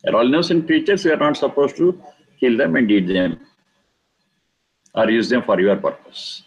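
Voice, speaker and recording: A man teaching a lesson on scripture, speaking slowly and emphatically, repeating key words for stress. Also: mid-range voice, rough recording. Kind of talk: lecture explaining scripture.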